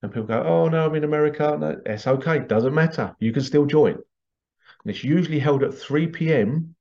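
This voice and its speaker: A man with a gravelly edge to his mid-range voice tells workshop stories in a chatty, animated way, often breaking into laughter. The sound is dull and lo-fi. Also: medium pitch, normal speed. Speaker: past life regression workshop leader. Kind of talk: casual storytelling promo. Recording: dull lo-fi recording.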